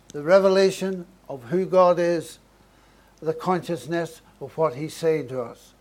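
Man, preacher, sermon, earnest, repeated emphatic phrases, somewhat high pitch. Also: unhurried, darkish tone.

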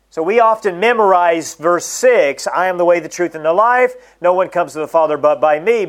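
Middle-aged male preacher, sermon delivery, emphatic, a touch high-pitched. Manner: emphatic, slows down to stress key phrases.

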